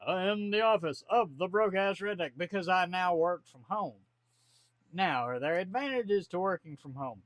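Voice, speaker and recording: A man's voice: high voice, no room sound. A man, talking bluntly and folksily to camera from his home office. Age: 40s. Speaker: vlogger. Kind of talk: casual to-camera monologue.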